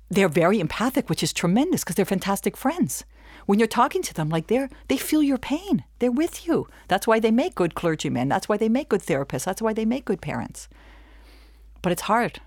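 A middle-aged woman teaching a webinar, talking in a lively way and acting out little back-and-forth dialogues. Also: medium pitch, fairly quick, no echo, studio quality. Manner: animated, acts out little dialogues with laughs. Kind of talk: lively talk to an audience.

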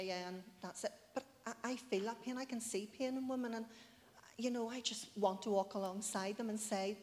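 A woman in her forties giving a heartfelt, chatty personal testimony in church, with many asides. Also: medium pitch. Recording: long hall reverb.

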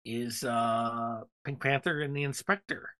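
Bright-voiced rambling podcast host man. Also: mid-range voice, steady tone, a little slow. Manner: rambling, enthusiastic, lots of fillers. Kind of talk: casual chat.

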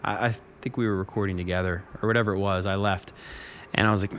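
A man's voice: deep voice, steady tone, fast, a bit bright, slight background noise. A man co-hosting a faith podcast in casual chat, talking in an enthusiastic and reflective way. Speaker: podcast co-host.

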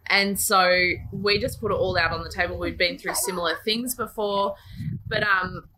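Candid woman, bright voice. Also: mid-range voice, normal speed, a little hiss or hum. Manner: candid, swears freely, many fillers. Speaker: guest sharing her story. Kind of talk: casual chat.

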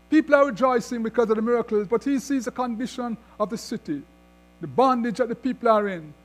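A man preaching a sermon, reading scripture aloud and then expounding on it with rising emphasis. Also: very high-pitched. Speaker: pastor.

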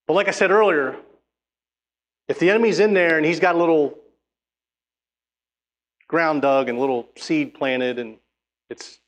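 A man with a slightly higher-than-usual voice preaches a sermon. He reads scripture aloud and presses his points with emphatic exhortation. He often restarts his phrases as he goes. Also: normal speed, long pauses.

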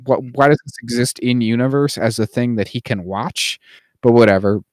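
A man's voice: mid-range voice, normal speed, no room sound, studio quality. A man co-hosting a podcast in casual chat, rambling and filler-heavy, now and then dropping into playful mock voices. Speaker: podcast co-host.

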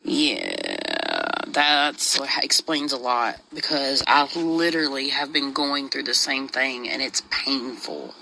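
A man's voice: medium pitch, sing-song, slow pace, vocal fry, sharp tone, rough recording. A man explaining something earnestly in a casual conversation.

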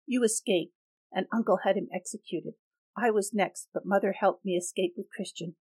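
A woman voicing a young man who stammers and shouts accusations in an audiobook reading. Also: mid-range voice, moderate pace, husky. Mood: accusing. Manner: stammers when upset, loud and accusing.

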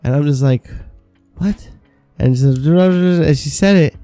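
A man's voice: on the high side, brisk, dark tone, no room sound, faint music behind. A man in his thirties, a podcast co-host, telling stories about old jobs in casual chat, swearing freely. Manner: swearing, storytelling with quoted asides.

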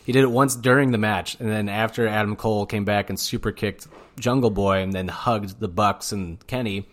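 A man co-hosting a podcast in casual chat, rambling from point to point with an excitable, profane manner. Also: fairly low pitch, moderate pace. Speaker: podcast co-host. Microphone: studio mic.

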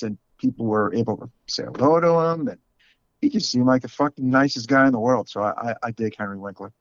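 A man's voice: mid-range voice, no room sound, highs cut off. A man with a New York accent, co-hosting a podcast in a frank, casual chat full of fillers. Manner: chatty, frank, with many fillers. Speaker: podcast co-host.

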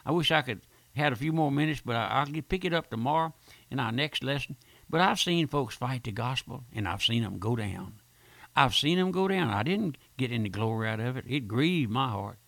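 A man's voice: medium pitch, animated, fairly quick, creaky, fairly bright tone, no echo. An older man preaching a fervent radio sermon, repeating himself and calling listeners "my friend".

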